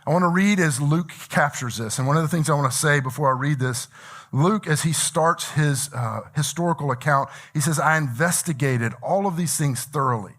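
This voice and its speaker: Earnest man preaching, slightly high voice. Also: moderate pace, a bit bright. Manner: earnest, conversational preaching with repeated restarts. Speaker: pastor. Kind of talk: sermon. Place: church auditorium.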